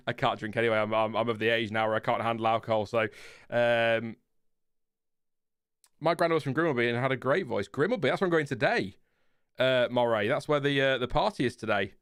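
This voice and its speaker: A man with a Lincolnshire accent talks at an easy middle pitch, his calm, fairly flat voice smooth and clean. He rambles, trails off and laughs as he reads comments to his viewers. The sound is close and dry, with no room around it. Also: fairly quick, pauses often, dry recording. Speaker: livestream host. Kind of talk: casual chat reading live comments.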